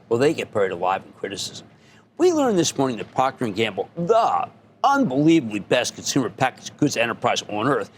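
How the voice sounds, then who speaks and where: A man hosting a call-in stock market show, talking in a loud, excitable, rapid-fire way. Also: mid-range voice, slight background noise. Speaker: host. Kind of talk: animated call-in stock commentary.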